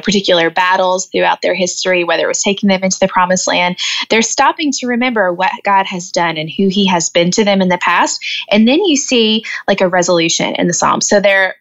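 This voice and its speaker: A woman's voice: mid-range voice, a bit bright, dull audio. A woman author as a guest, explaining with earnest, thoughtful talk and light laughs. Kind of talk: faith-based podcast interview.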